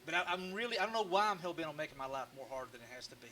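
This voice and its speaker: A man's voice: on the high side, expressive, rapid-fire, pushed and bright, a little hiss or hum. A man hosting a casual live stream, rambling and joking at his own expense. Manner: rambling, joking and self-mocking, with frequent restarts. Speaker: live-stream woodcarving host.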